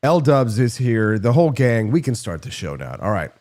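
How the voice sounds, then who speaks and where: A man hosting a live political talk show, joking and sarcastic with quick asides. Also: mid-range voice, big pitch swings, a little mellow. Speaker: host.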